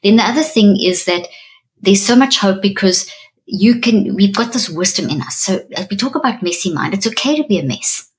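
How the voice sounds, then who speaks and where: A woman's voice: animated, normal speed. A woman neuroscientist, a podcast guest, explaining in an earnest, emphatic teaching tone with repeated phrases. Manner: acts out inner self-talk in a higher voice.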